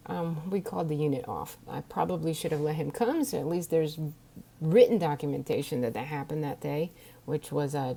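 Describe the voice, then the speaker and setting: Middle-aged woman, low gravelly voice, earnest diary vlog, near tears. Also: dark tone. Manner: earnest, emotional, direct address to viewers. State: close to tears. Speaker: vlogger. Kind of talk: personal video diary.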